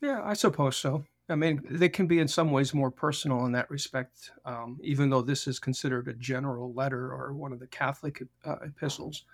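A man's voice: medium pitch, steady tone, no room sound, clean studio sound. A man, a guest pastor, answering thoughtfully with many ums and leading a prayer. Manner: thoughtful, measured, with frequent ums. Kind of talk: radio interview and prayer.

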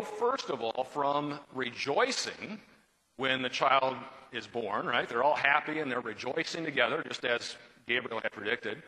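A man's voice: on the high side, bright, forceful tone. A man teaching a Bible study in a conversational, explanatory way, taking a question from the class and reading scripture aloud. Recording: long hall reverb.

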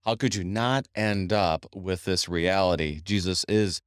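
A man with a lowish voice hosts a Bible study talk show, asking questions in a lively, conversational way. The studio sound is dry and close, with no room echo. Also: a little slow, clear, resonant tone. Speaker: radio show host.

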